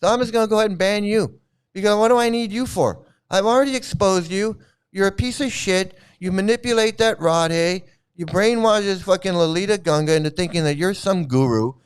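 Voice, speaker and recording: A man's voice: high voice, brisk, smooth. A man hosting his own channel, ranting angrily in a heated, profane, repetitive way. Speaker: channel host. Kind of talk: angry ranting vlog commentary.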